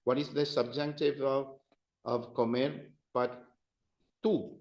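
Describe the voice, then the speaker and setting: A man's voice: medium pitch, fairly even intonation, slow pace, a little mellow. A man teaching an adult-education class, patiently walking students through conjugation drills and praising their answers. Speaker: Spanish teacher. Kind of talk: adult-education language lesson. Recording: roomy, dull classroom sound.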